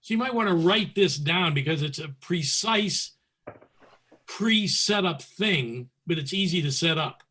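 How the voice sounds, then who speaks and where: A man's voice: a little high, lively intonation, unhurried, sharp tone. Man teaching square dance calls. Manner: methodical, calls moves in crisp clipped commands. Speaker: square dance caller presenting. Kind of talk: teaching talk, calling demonstration calls.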